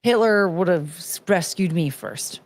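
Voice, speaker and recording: A woman's voice: on the low side, unhurried, dry recording. A young woman hosting a casual commentary stream, rambling and swearing, slipping into mocking voices when she quotes people. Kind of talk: casual rambling livestream chat.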